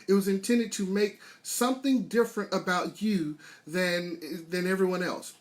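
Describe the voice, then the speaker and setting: A man's voice: sits high, normal speed, hardly any pauses. A man hosting a weekly motivational live stream, speaking earnestly and building to emphatic peaks. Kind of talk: motivational talk. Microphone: live stream webcam setup.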